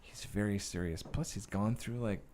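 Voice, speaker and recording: A man's voice: fairly low pitch, normal speed, darkish tone, a little hiss or hum. A man who is a guest actor and director, telling stories in a casual interview with profane, rambling speech full of fillers.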